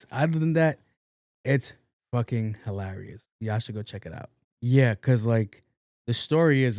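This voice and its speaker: A man's voice: medium pitch, darkish tone, no echo, clean studio sound. A young man, hosting a casual solo podcast, talking loosely and profanely with lots of fillers. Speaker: podcast host.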